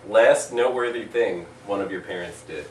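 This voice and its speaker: A man's voice: on the low side, normal speed, distant mic, slight background noise. A man hosting a casual chat, asking brief questions and joking with guests. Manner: brief prompts and backchannel, joking. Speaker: host. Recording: roomy, off-mic sound.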